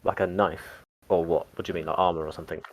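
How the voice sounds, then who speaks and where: A man with a low voice talks as a player in a tabletop game. He is casual and joking, and he swears freely while he decides what his character does. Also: flat delivery, quick pace.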